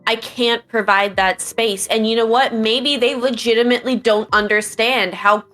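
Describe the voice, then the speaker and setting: A woman's voice: a little high, steady tone, moderate pace, fairly bright tone. A woman in a casual podcast chat, outspoken and teasing. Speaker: podcast co-host.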